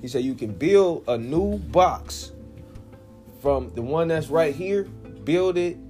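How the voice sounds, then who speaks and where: A man's voice: a little high, animated, takes it slowly, mellow, faint music behind. Slangy, profane man telling a story. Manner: profane, slangy, keeps checking in with the listener. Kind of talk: casual storytelling.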